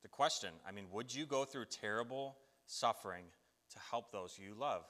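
A man preaching a sermon, telling a Bible story with lively acted-out voices. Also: fairly low pitch, normal speed, in a large hall. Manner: animated storytelling, acts out biblical voices.

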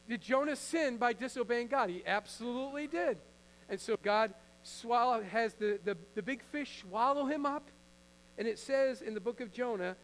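A pastor preaching a sermon to a live congregation in an earnest, conversational way, sometimes acting out Bible figures. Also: male voice, very high voice, moderate pace, fairly bright tone, poor audio. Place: church before a congregation.

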